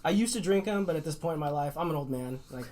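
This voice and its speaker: Man, podcast host, tipsy, joking, lively pitch, faint background hiss. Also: fast. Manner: laughing, joking, tipsy banter. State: slightly drunk. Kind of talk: casual podcast chat.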